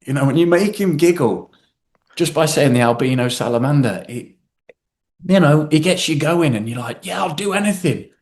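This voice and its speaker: A man in his forties chats as a guest on a podcast. He tells his stories in an animated way, laughing often and slipping into voices. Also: a little high, moderate pace. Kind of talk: casual chat.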